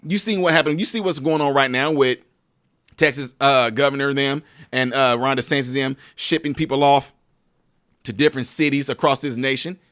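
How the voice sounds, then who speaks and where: A man's voice: on the high side, fairly bright tone. A man hosting a live-stream political commentary, talking straight to his viewers in an emphatic, preachy way.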